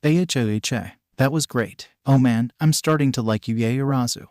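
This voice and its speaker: A man reading the lines of a brash, hot-tempered teenage boy in a story reading, gruff and threatening. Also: mid-range voice, normal speed, a little mellow, no echo, studio quality, natural voice.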